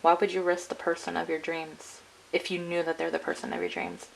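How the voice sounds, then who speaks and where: A woman's voice: fairly low pitch, big pitch swings, fairly quick, gravelly, a little hiss or hum, rough recording. A woman giving a casual, rambling tarot reading to her viewers, full of "like" and "I'm getting.". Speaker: tarot card reader.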